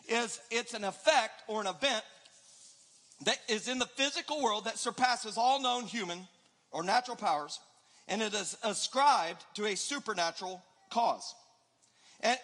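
A male preacher giving an energetic, joking sermon to a live audience, often questioning them. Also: high voice. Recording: long hall reverb.

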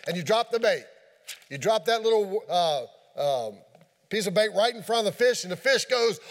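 A man with a high, light voice preaches a folksy sermon in a large hall, and the long reverb hangs after his words. He tells homely stories with animated sound effects. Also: moderate pace.

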